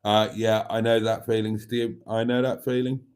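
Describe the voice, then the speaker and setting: A man's voice: on the low side, little pitch movement, normal speed, darkish tone, smooth. A man hosting a casual livestream, reading out viewer comments and laughing heartily. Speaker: livestream host.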